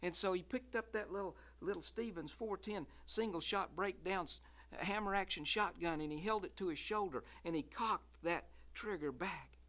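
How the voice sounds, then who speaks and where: A man's voice: high-pitched, sharp tone. A man storyteller telling a folksy tale, building suspense by drawing out and repeating phrases. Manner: drawn-out, repetitive suspense building.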